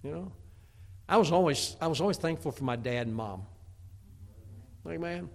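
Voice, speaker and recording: A man's voice: fairly high pitch, lively intonation, moderate pace, gravelly, darkish tone. A middle-aged man preaching a sermon in a folksy way, often restarting with stammered repeats. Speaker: pastor.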